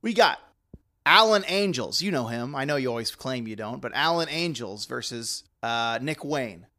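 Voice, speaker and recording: A man co-hosting a podcast in casual, rambling chat, often breaking into high laughs. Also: normal speed, sharp tone. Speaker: podcast co-host.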